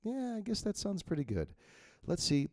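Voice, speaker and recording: A man's voice: high-pitched, huge pitch swings, moderate pace, no echo, clean studio sound. A man editing his own novel on screen, thinking aloud bluntly and reading his draft lines to test them. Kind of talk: casual screen-recorded editing walkthrough.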